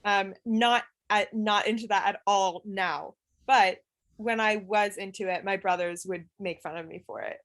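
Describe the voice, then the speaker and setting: Young woman, medium pitch, casual podcast guest, hesitant delivery. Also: steady tone, unhurried, a bit bright. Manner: hesitant, lots of fillers and restarts. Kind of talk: casual chat.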